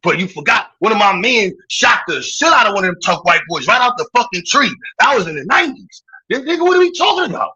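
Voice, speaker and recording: Man, New York accent, from Brooklyn, livestream rant, mocking and profane, laughing, husky, lo-fi audio. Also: high voice, sing-song, fast, few pauses, pushed and bright. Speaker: livestream host.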